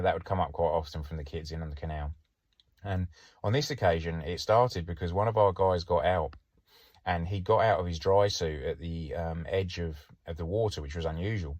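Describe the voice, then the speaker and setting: Man, very deep voice, casual storytelling, dry close sound, wry and chatty. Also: steady tone, fairly quick, darkish tone, dry recording. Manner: chatty, wry, laughs through his stories. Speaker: podcast host and former police diver.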